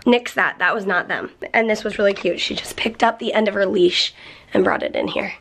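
A woman vlogging casually at home, emotional and soft-spoken, near tears. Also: mid-range voice, lively intonation, fairly quick, vocal fry. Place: at home indoors.

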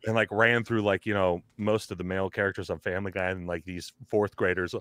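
A man's voice: low-pitched, flat delivery, a little fast, fairly bright tone, smooth, dry recording, studio quality. A man who works as a voice actor, talking casually as a podcast guest, rambling with lots of fillers and breaking into character voices.

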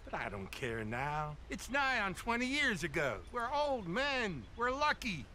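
A man's voice: high-pitched, wildly swooping pitch, unhurried, sharp tone, a little hiss or hum, exaggerated voice. An actor playing a proud, prickly old male state marshal in a video game, indignant and insistent on his title. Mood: weary. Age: older.

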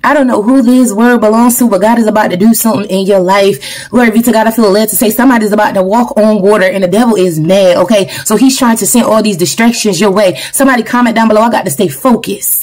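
A woman's voice: medium pitch, steady tone, quick pace, few pauses, a little mellow. A young adult woman preaching a fervent online sermon, repeating "glory be to God" and reading scripture. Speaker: online minister. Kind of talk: preaching to camera.

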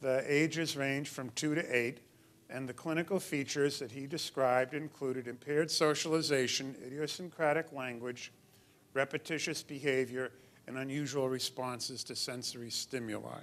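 A man's voice: mid-range voice, steady tone, moderate pace, fairly bright tone. Middle-aged guy lecturing a hall, plain mid voice, explains stuff w/ dry jokes and some ums. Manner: explanatory, wry asides, occasional fillers. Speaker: developmental pediatrician lecturing. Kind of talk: lecture to an audience.

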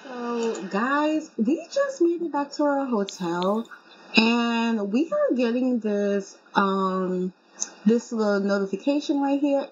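A woman's voice: a little high, husky. Chatty young woman narrating her game. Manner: chatty, excitable, informal with fillers like y'all. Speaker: gaming video creator. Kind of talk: casual game commentary. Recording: slightly muffled with faint hum.

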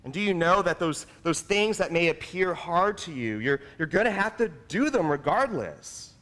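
Man doing a stern, caring male martial arts coach, lively pitch, reverberant hall. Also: moderate pace. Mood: earnest. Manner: firm, coaching, then tender.

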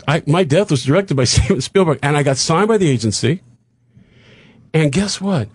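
An older man telling a long show-business story on a radio talk show, acting out the dialogue of the people in it with quick asides. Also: a little high, husky, no room sound, clean studio sound. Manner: animated anecdote with acted-out dialogue and quick asides. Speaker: guest comedian telling a story.

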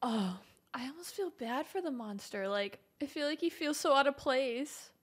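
A woman's voice: sits high, expressive, moderate pace. A woman hosting a movie reaction, talking casually and laughing often. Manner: giggly, with frequent laughter. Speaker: host.

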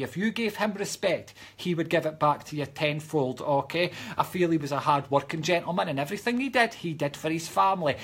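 Husky Scottish man, reassuring medium. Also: high-pitched. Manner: reassuring, keeps adding "okay?"; chatty and jokey between readings. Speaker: psychic medium giving live readings. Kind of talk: live-stream reading, casual chat.

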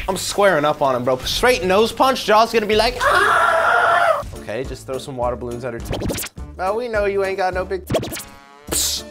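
Excitable young man reacting to clips. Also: sits high. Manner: excitable, slangy, quick exclamations. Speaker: YouTuber reacting to short videos. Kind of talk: casual reaction commentary.

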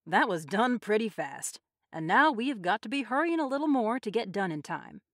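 Woman voicing a brisk, formal village official man. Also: mid-range voice, very animated, no room sound, studio quality, pitched above the performer's own voice, natural voice.

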